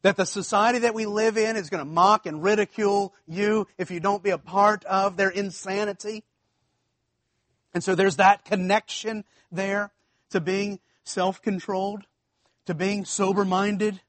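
High-voiced preacher with a drawl. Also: male voice, steady tone, measured pace, fairly bright tone, no echo. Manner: conversational preaching, repeats phrases, asks congregation if it makes sense. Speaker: pastor. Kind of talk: sermon.

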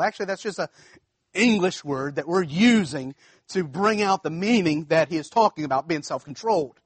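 A man, preaching with a fairly high voice. He talks conversationally, repeats phrases and checks in with the congregation. The sound is dry and close. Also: breathy edge, dry recording. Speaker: pastor. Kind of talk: sermon.

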